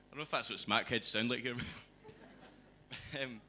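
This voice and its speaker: A young Scottish man doing a stand-up set in a comedy club, with a dry, deadpan delivery into a stage mic. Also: medium pitch, moderate pace, long pauses, soft background music. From Scotland.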